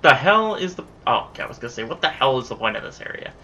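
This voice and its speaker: A man's voice: mid-range voice, very animated, fast talker, bright, forceful tone, a little hiss or hum. Exasperated man swearing through gameplay. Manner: exasperated, swearing, talking at enemies. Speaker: let's play gamer. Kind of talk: live gameplay commentary.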